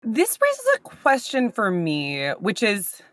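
A woman co-hosts a relaxed scholarly chat, posing questions with playful curiosity and frequent laughter. Her voice swoops lively across her range. The recording is close-miked and dry, with no room sound. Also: medium pitch, slow, dry recording. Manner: inquisitive, playful, often laughing. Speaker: podcast co-host. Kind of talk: casual scholarly discussion.

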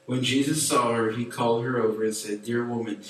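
A man preaching to a youth group in a chatty, animated way with many fillers. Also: medium pitch, fairly quick, slight background noise. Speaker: youth pastor. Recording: echoey room from far off.

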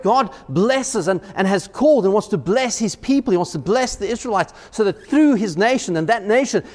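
Male pastor giving a sermon, kinda high voice, animated, lots of repeats, big reverb hall. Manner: animated, repeats words, acts out quotes. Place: church.

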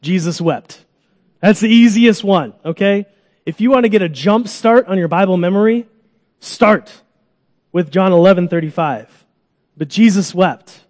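A man preaching a sermon to a congregation in a church, animated, acting out groans and cries, coaxing children up for an illustration. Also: high-pitched, a little slow, in a large hall. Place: church sanctuary.

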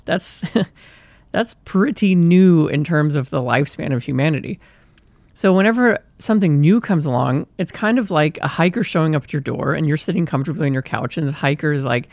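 A young man hosts a solo podcast in a chatty, self-deprecating way, now and then acting out his inner voice. His voice sits a bit high with a gravelly edge, and the recording is dry and close. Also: animated, quick pace, no echo. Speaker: podcast host. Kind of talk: casual solo podcast monologue.

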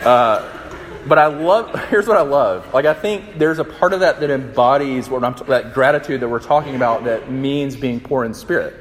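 A young man giving a conversational, animated sermon, acting out the quotes. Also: medium pitch, fairly quick, few pauses, slight background noise. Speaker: campus minister. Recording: long hall reverb.

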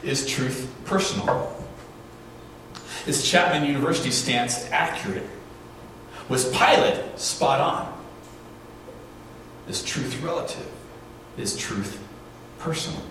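A man's voice: medium pitch, expressive, slow, pauses often, a bit bright, far from the mic, a little hiss or hum. Man preaching in a big echoey hall. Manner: conversational storytelling with rhetorical questions. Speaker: pastor. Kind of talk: sermon.

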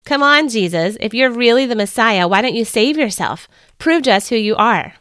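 A woman's voice: a little high, animated, moderate pace, a bit bright, clean tone, no room sound, clean studio sound. A woman voicing a mocking onlooker who taunts, in a devotional storybook reading. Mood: taunting. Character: jeering onlooker at the cross, mocking.

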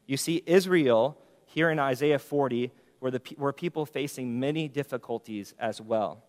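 A man preaching a sermon as pastor, earnest, slowing down to read scripture with emphasis. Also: medium pitch. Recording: long hall reverb.

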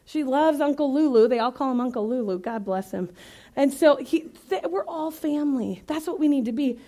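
Woman from Iowa, high voice, guest preacher; chatty, funny, emphatic sermon delivery. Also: moderate pace. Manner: lively, conversational, joking, emphatic. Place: church.

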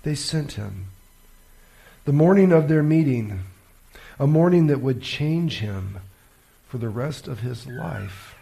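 A man's voice: mid-range voice, expressive, slow pace, gravelly, pauses often, warm tone. A male preacher telling a story in a sermon, with a dramatic, emphatic delivery.

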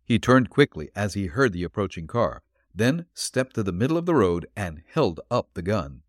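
A man reading a detective story aloud in a steady, measured storytelling manner. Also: fairly low pitch, no room sound, studio quality. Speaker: audiobook narrator. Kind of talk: scripted narration of a detective story.

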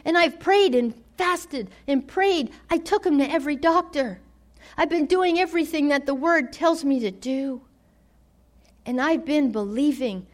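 A woman preaching a sermon, dramatic, swinging from loud declarations to hushed near-whispers. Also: high voice, unhurried.

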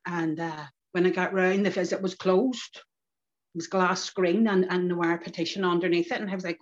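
This is reflective storytelling from an older community activist with a Northern Irish accent, relaxed and lively, using local turns of phrase. She speaks fairly quickly with a fairly low pitch, over a dull lo-fi podcast recording.

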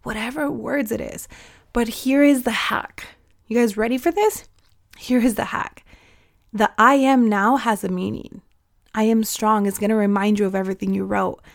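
A woman's voice: on the high side, normal speed, gravelly. A young adult woman hosting a podcast, giving a heartfelt, encouraging pep talk to her listeners. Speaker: podcast host.

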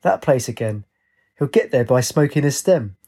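A man's voice: medium pitch, lively intonation, moderate pace, warm tone. A man voicing a blunt, sarcastic homeless former soldier who mutters and mocks. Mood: sardonic.

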